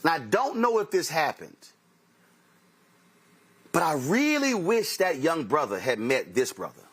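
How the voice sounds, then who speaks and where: A man's voice: fairly high pitch, big pitch swings, unhurried, fairly bright tone, husky. A man hosting a talk show, telling anecdotes in an emphatic commentary monologue and acting out dialogue as he quotes himself and others. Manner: emphatic, repeats key phrases. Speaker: host.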